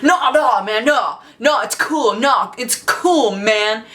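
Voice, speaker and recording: A woman voicing a pushy young man who keeps pitching drugs to bus passengers in an insistent, repetitive way. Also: slow pace, fairly bright tone. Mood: defensive.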